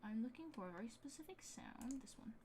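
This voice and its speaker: A woman chats casually on a live stream while making music, rambling with lots of fillers and reading out the chat. Her fairly high, warm voice is expressive and a little fast, with music playing behind her and a little hiss or hum.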